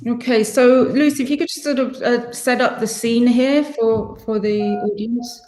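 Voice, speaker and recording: A woman's voice: fairly high pitch, fairly even intonation, a little slow, darkish tone, echoey room. A woman moderating an online panel discussion, introducing guests in a friendly way. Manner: friendly, apologetic about her French pronunciation.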